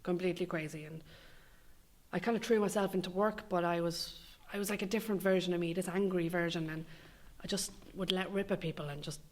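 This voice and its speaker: A woman's voice: on the low side, fairly even intonation, a little fast, darkish tone. A young Irish woman delivering a scripted comic monologue, sweary, sardonic and rambling. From Ireland. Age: young adult. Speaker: comedic monologue performer.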